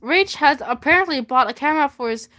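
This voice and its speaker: A woman's voice: high voice, animated, a little fast, bright, forceful tone. A young woman vlogger reading her old fanfiction aloud with giggly, incredulous commentary.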